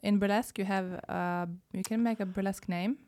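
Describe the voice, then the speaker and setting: A young woman speaking English with a Norwegian accent, her voice gravelly with fry. She talks haltingly in a casual café chat, pausing on fillers and restarting thoughts. The sound is close and dry, with little room echo. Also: mid-range voice, steady tone, a little mellow. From Norway. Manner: hesitant, many fillers and restarts. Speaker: guest, burlesque dancer. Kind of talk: casual conversation.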